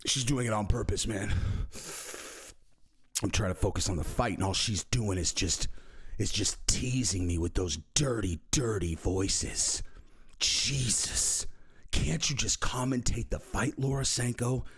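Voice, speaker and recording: A man mimicking a creepy male online commenter in a low, breathy, whispery voice. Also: unhurried, a bit bright, full character voice. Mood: leering.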